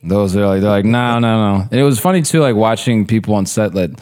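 A man who works as an actor, chatting casually on a podcast and telling stories in a relaxed, profane, animated way. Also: fairly low pitch, fast. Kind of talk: casual storytelling chat.

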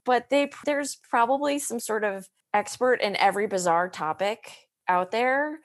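A woman's voice: mid-range voice, lively intonation, unhurried. A woman veterinarian chatting on a podcast, chatty and self-mocking. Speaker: veterinarian guest. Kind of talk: casual podcast chat.

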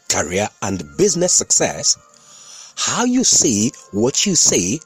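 A man narrates his podcast in an instructive, storytelling way. His slightly husky voice moves up and down a great deal in pitch, with faint music underneath. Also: darkish tone. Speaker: podcast host and communication consultant.

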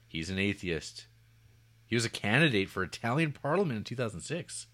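A podcast co-host reads out trivia and adds dry jokes in a relaxed, casual chat. His voice sits a little low for a man. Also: a little fast, dry recording. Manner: reads facts aloud with dry humor.

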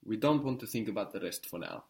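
Man, patient tutor, leads a student through drills with calm encouragement. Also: on the low side, quick pace. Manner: patient, encouraging, step-by-step prompting. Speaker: language teacher. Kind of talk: guided language lesson.

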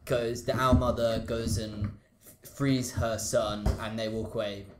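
A man's voice: mid-range voice, flat delivery, a little slow, faint music behind. A man chatting casually about a film, rambling and enthusiastic with many fillers. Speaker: podcast co-host. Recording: echoey room with faint hiss.

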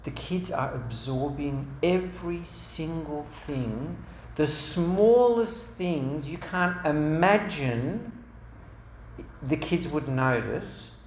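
In a roomy hall with faint ambience and slight background noise, a man with a fairly high, expressive voice speaks slowly. Addressing a parents' meeting at church, he gives an earnest talk full of stories and long, repetitive lists of examples.

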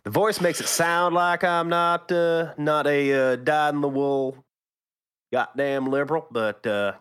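A man's voice: mid-range voice, a bit bright, smooth. A man with a Texan accent co-hosting a casual gaming podcast, talking in a drawling, twangy way and swearing freely. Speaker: podcast co-host.

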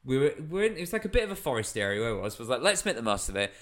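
A man's voice: medium pitch, sing-song, rapid-fire. A young British man, a comedian, telling a funny anecdote in casual chat, laughing as he goes. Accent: British English. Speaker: comedian guest.

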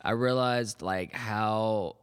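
Rambling man with a low voice, reverb. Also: slow pace, clean tone. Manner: rambling, self-interrupting, laughs often. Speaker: podcast co-host. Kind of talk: casual chat.

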